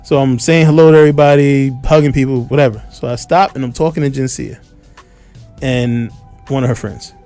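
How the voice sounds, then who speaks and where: A man hosting a radio talk show, telling a long story in a casual, animated way and acting out what people shouted, on a studio microphone. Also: mid-range voice, a little fast, soft background music.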